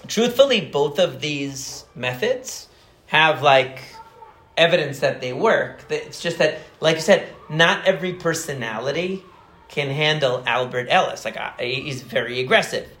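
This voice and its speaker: Chatty man explaining psychology, slightly high voice. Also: lively intonation, measured pace, a bit bright, echoey room. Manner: chatty, many fillers, rambling asides. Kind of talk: casual conversational explanation.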